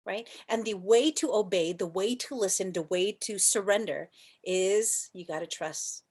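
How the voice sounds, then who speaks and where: Yoga teacher, woman, chatty and playful, lots of rhetorical questions, leads soft chants. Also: mid-range voice, measured pace. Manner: soft chanting and whispering at times. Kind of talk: teaching an online class.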